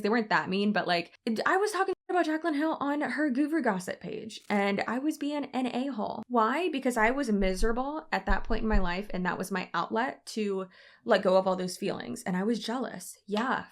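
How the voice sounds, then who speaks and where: A young woman with a light Southern US twang talks through a casual commentary vlog at a middling pitch. She is frank and chatty, loose with fillers, and quick to laugh at herself. She is pregnant and speaks close to the mic. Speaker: commentary YouTuber.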